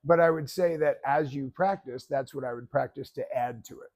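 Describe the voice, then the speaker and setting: A man coaching a public speaking class, giving feedback and telling stories in an animated way that acts out other people's voices. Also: medium pitch, moderate pace.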